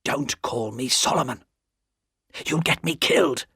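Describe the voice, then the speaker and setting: A man voicing a frightened spy who speaks in a low, hushed voice. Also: measured pace, creaky, breathy edge, dry recording, clean studio sound, exaggerated voice.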